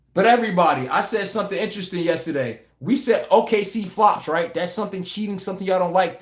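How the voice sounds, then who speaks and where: A man's voice: high-pitched, reverberant. A man hosting a casual live sports stream, joking and laughing as he reads viewer comments. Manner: animated, laughing, joking banter with chat.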